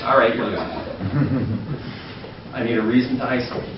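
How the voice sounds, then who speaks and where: A man's voice: mid-range voice, little pitch movement, normal speed. A man coaching a live seminar, playful and jokey, acting things out as he explains, recorded from a distance in an echoey room. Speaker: dating coach instructor. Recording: echoey room, distant muffled mic, noise.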